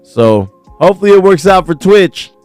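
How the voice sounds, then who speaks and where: Male livestream host, casual news commentary, cursing a lot, slangy, ranting, smooth clear voice. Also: sits high, normal speed, no room sound, faint music behind. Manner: animated, often rises when worked up.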